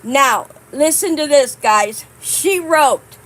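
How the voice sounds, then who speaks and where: Slow-talking high-voiced woman vlogger. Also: lively intonation, low-quality recording. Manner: warm, reads cards aloud slowly, chatty asides to "guys". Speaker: channel host. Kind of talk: casual vlog chat to viewers.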